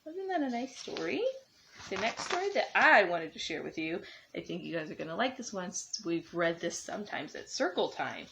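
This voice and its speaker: A woman's voice: on the low side, sing-song, moderate pace, vocal fry, bright, forceful tone, slight background noise. Woman reading storybooks to preschoolers. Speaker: preschool teacher. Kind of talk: reading storybooks aloud to children. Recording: dull lo-fi recording.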